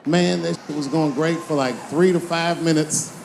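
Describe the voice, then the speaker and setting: A middle-aged man doing profane, animated stand-up storytelling on stage before a live audience. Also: a little high, moderate pace, creaky, slight background noise. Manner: animated, profane, acts out voices. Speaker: stand-up comedian. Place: comedy stage before a crowd. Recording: live club set with loud audience.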